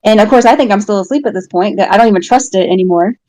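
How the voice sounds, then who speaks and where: A woman's voice: medium pitch, fast talker, warm tone, low-quality recording. A woman, a guest on a talk show, candidly telling a personal story and laughing at herself now and then. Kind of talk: casual personal testimony.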